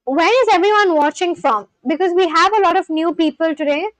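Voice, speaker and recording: A woman's voice: very high-pitched, a little fast, no echo, poor audio. A woman hosting a casual live stream, chatting with viewers and reading their comments aloud in a rambling way, often stopping and restarting her sentences. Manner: rambling, chatty, frequent restarts and self-corrections. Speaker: livestream host learning a language.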